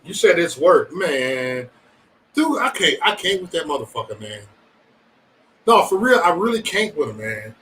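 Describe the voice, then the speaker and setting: A man's voice: on the high side, big pitch swings, normal speed, a bit bright, distant mic, a little hiss or hum, rough recording. A man hosting a livestream, chatting casually with viewers in profane, rambling banter and joking threats. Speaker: livestream host.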